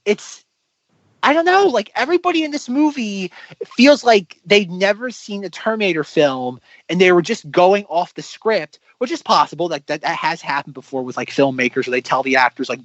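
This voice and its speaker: A man co-hosting a casual film podcast, talking in a rambling, animated way and acting out mock quotes. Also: high-pitched, moderate pace, no room sound. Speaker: podcast co-host. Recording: dull lo-fi dry podcast audio.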